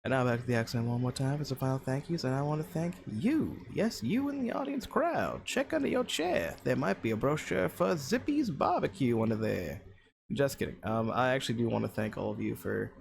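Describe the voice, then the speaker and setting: A man's voice: lowish voice, creaky, noisy background. A man hamming up a showy stage announcer. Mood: cheeky. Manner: mock-formal announcing with a put-on accent. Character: showy male stage announcer, grand and cheeky. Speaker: streamer.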